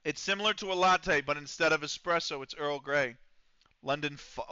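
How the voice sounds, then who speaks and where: A man with a bright, crisp voice pitched a bit high, casually rambling through a live-stream of a football management game. He fills his talk with ums and throwaway swearing. The sound is dry and close but a little dull and lo-fi. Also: steady tone, normal speed, no echo. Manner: rambling and loose, with many fillers and casual swearing.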